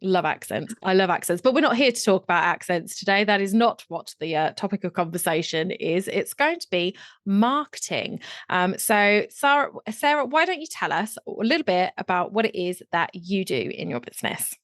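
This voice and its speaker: A woman's voice: mid-range voice, animated, moderate pace, a bit bright, no echo. An English-accented woman hosts a podcast in a chatty, enthusiastic way. Her voice sits in an ordinary middle register. The recording is close and dry, with no room sound. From England. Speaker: podcast host. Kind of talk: casual interview chat.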